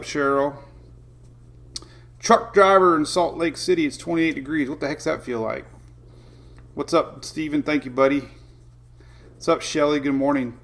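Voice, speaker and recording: A chatty man hosting a morning weather livestream, his voice sitting a little higher than most men's. He keeps it loose and conversational, reading off viewer names and laughing along as he goes. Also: fairly bright tone. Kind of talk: casual livestream chat.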